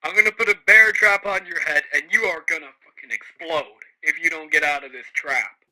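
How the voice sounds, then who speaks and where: A man's voice: a little high, fairly quick, bright, forceful tone, poor audio. A man voicing a mocking, over-the-top male movie killer in a sneering way.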